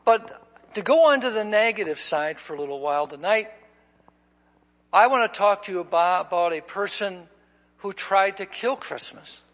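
A man's voice: high voice, expressive, normal speed, a bit bright. A man preaching to his church, telling a personal story in a folksy way and often repeating his words at the start of a line. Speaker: pastor. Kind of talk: storytelling sermon. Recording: dull lo-fi recording in a reverberant hall.

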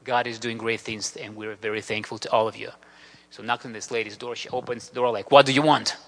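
A man's voice: on the low side, level tone, a little fast, a bit bright. A man giving an earnest, grateful mission talk with slides in a church. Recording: long reverb of a large hall.

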